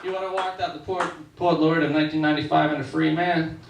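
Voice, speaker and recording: A male stand-up comedian tells his jokes in a loose, conversational way. His voice sits high for a man. The sound is echoey and a little distant, with faint room noise behind. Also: steady tone, quick pace, creaky. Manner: conversational, storytelling. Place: comedy club stage. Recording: echoey club room, slightly off-mic.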